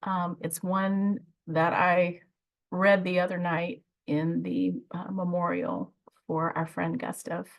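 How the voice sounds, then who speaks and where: A woman's voice: lowish voice, slow, gravelly. A woman hosting a poetry gathering, speaking earnestly, then reading her own poem. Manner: earnest, heartfelt, with soft hesitations. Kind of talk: warm spoken introduction and poetry reading.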